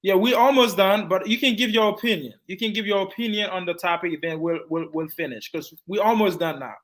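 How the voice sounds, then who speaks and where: Man, english teacher from haiti, encouraging, repeats himself, slightly high voice. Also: a little fast, a bit bright, rough recording. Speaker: English teacher hosting an online class. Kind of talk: wrapping up a class discussion.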